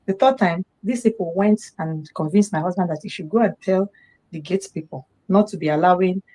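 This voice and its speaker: Animated Nigerian woman telling a story. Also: fairly low pitch, fairly quick. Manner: animated, acts out the quoted voices of others. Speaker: guest on a live discussion program. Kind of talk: personal storytelling in a live talk.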